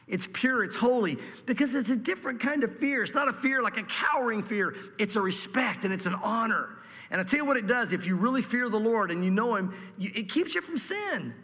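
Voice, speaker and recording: A man preaching a sermon in church, reading scripture slowly and explaining it in a plain, earnest way. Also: very high voice, expressive, bright, forceful tone, long reverb tail. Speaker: pastor.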